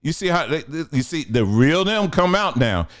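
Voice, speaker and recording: A man's voice: fairly high pitch, sing-song, normal speed, fairly bright tone. Blunt emphatic man hosting commentary. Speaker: commentary show host. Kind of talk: casual political commentary.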